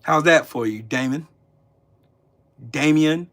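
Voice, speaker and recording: A man's voice: fairly high pitch, expressive, normal speed, pushed and bright. A man hosting a live stream, ranting angrily and cursing as he talks back to his chat. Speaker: livestream host. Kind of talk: angry live-stream rant.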